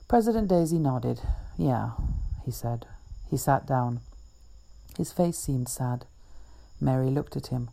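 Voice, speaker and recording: Woman author reading her own story, low dark voice, gravelly, steady.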